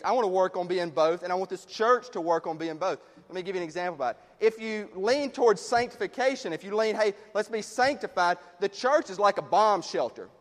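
A man preaching a sermon in a conversational way, dropping low and quiet on his key points. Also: long reverb tail. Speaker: pastor.

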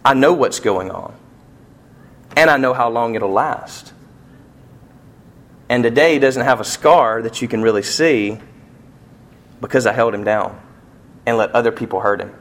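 A man preaching a sermon as a pastor, telling a personal story with passion and swinging between hushed and near-shouting delivery. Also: mid-range voice, unhurried, pauses often.

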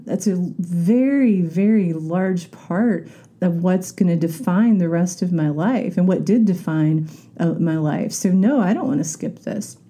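A woman's voice: lowish voice, dark tone. A woman talking candidly in a casual reflective monologue, rambling a little and acting out the voices she quotes.

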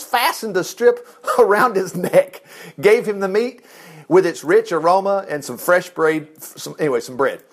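A middle-aged man preaching in a chatty, folksy storytelling way, acting out the lines he quotes. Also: a little high.

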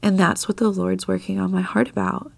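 A woman's voice: mid-range voice, flat delivery, a little fast, creaky, no room sound. A woman hosting a devotional podcast, speaking earnestly with a slightly scratchy voice as she gets over a mild illness. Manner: earnest, confessional, soft laughs. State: scratchy voice from tail end of an illness. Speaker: podcast host. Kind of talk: devotional Bible talk.

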